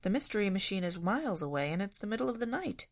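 A woman's voice: medium pitch, very animated, quick pace, pitched above the performer's own voice. A woman voicing a cheerful, easygoing young man who speaks in a matter-of-fact way. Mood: casual.

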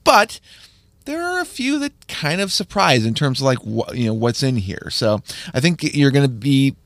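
A man's voice: medium pitch, very animated, normal speed, a bit bright, dry recording. A man hosting a radio show quiz, talking in a chatty, rambling way with frequent restarts. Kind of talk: casual radio talk. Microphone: studio microphone.

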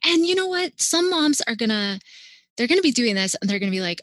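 A woman's voice: fairly high pitch, a little fast, dry recording. Reassuring woman feeding expert. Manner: animated, reassuring, frequent "like". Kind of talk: casual interview talk.

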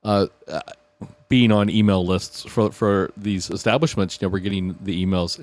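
A man from Texas talks as a podcast guest in a fairly low voice. He tells stories in a slow, drawn-out way and slips in teasing jokes. The sound is close and dry. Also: steady tone, darkish tone, no room sound. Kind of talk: casual podcast chat.

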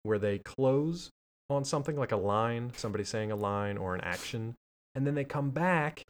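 A man talking casually as a podcast co-host, retelling a cartoon episode with jokes. His voice sits at a middle pitch, and he tells the story in a lively, animated way. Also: normal speed. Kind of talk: casual chat.

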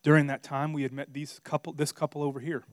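A middle-aged man preaching a sermon, telling a personal story and swinging between quiet asides and loud, emphatic preaching. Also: a little high, little pitch movement, fast, no echo, clean studio sound. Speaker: pastor.

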